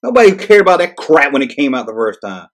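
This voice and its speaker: A man's voice: medium pitch, big pitch swings, fast. Exasperated man ranting casually. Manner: exasperated, sarcastic, swears freely. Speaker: channel host.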